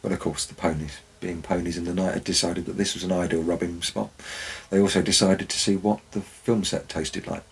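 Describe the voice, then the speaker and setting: Male storyteller, deep husky voice, wry and anecdotal. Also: fairly even intonation, brisk, hardly any pauses, rough recording. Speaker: former forest warden. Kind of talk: storytelling narration.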